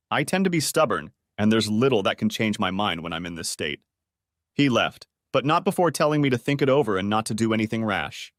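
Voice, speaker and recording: A man's voice: medium pitch, dry recording, studio quality. A man narrating a first-person story in a bitter, vengeful manner.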